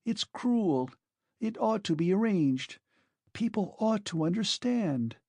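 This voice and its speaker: A man's voice: high voice, animated, slow pace, darkish tone, no room sound, pitched above the performer's own voice, full character voice. A man reading an audiobook, voicing a tearful, earnest young woman in a pleading manner. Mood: sobbing. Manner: pleading, emotional.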